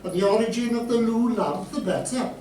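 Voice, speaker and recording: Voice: medium pitch, brisk, mellow, roomy sound, distant mic, slight background noise, low-quality recording. A performer playing a blustering, hesitant Aladdin in an amateur panto comedy.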